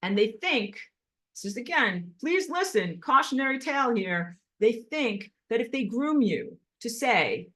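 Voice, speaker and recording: A woman's voice: fairly high pitch, lively intonation, measured pace, fairly bright tone. A woman giving an impassioned spiritual lecture in a blunt, emphatic and agitated manner while walking on a treadmill. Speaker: spiritual teacher.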